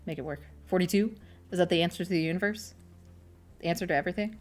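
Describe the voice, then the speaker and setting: A young adult woman streamer with a lowish voice talks quickly while she crochets, faint music behind her. She chats and rambles casually, often poking fun at herself.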